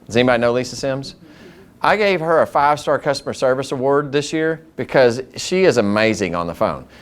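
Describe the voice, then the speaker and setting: Guy doing a customer service training for school staff, mid pitch, tells stories and does the voices. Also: brisk. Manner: lively storyteller who acts out dialogue.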